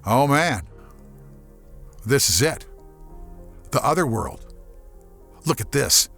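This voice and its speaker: A man voicing a calm, brave teenage boy who explains the rules and reassures his friends, in an audiobook horror story. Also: mid-range voice, takes it slowly, gravelly, faint music behind, heavily acted.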